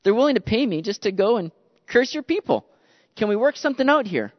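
A preacher voicing a greedy prophet haggling in a casual, wheedling tone, fairly high for a man, and the sound is dull with a long hall tail. The paraphrase sounds modern and offhand. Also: very animated, brisk. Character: scheming greedy male prophet bargaining casually.

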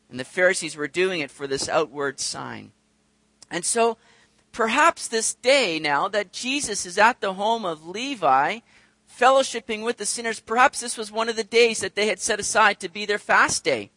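Male pastor, sermon, animated, acts out voices, high bright tone. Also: normal speed, no room sound. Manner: animated, acts out quoted voices, addresses congregation directly.

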